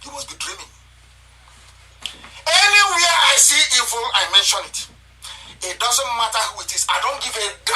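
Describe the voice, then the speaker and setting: A man's voice: very high-pitched, sing-song, moderate pace, long pauses, sharp tone, recorded from a distance, a little hiss or hum, low-quality recording. A man hosting a live online broadcast, fiery and accusatory, who repeats his phrases and laughs between lines.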